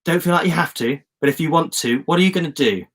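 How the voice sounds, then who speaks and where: This English host runs a loose, chatty journaling livestream, picked up by a phone or webcam mic. His voice is fairly high and upbeat, his delivery fast, and he cheers on viewer comments, reading them aloud with real enthusiasm while coaching everyone warmly.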